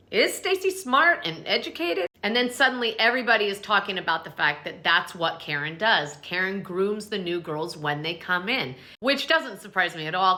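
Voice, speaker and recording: Bright, sassy woman recapping reality TV. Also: mid-range voice. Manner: sassy, opinionated, blunt asides. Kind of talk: casual recap commentary.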